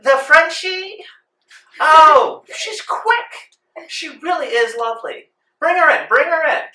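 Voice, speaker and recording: A woman's voice: high-pitched, animated, takes it slowly, bright, forceful tone, voice pushed up, exaggerated voice. A man voicing a wealthy lady of the house who is theatrical, gushing and condescending. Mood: imperious. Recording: echoey room from far off.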